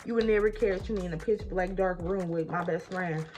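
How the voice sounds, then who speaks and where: A woman's voice: lowish voice, brisk. A woman in her twenties telling an emphatic, casual storytime while getting ready, acting out both sides of an argument. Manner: animated, emphatic storytelling, often addressing listeners as y'all; acts out both sides of arguments, rising loud when retelling fights. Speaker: vlogger.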